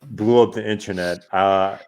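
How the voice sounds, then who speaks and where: Podcast host, man, slightly low voice, playful, loose, profane casual chat. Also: fairly even intonation, a little slow, a little mellow.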